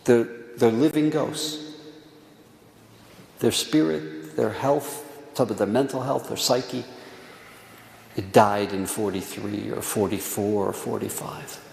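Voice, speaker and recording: Earnest stories fill this Tisha B'Av sermon from a middle-aged rabbi whose medium-pitched voice is gravelly and a little mellow. He repeats words for emphasis and falls to a near whisper at times, recorded in an echoey synagogue hall with faint room noise.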